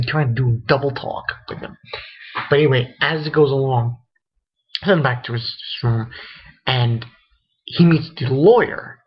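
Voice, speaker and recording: A man's voice: medium pitch, husky. A man giving a casual, rambling spoken recap of an anime episode, full of fillers and swearing. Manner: rambling, loose, swears a lot, many fillers. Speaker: anime reviewer. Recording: dull lo-fi recording.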